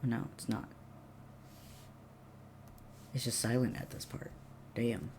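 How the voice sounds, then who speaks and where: A woman livestreaming, chatting casually with viewers, laughing often and breaking into excited bursts. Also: very deep voice, takes it slowly, slight background noise. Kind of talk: casual live-stream chat.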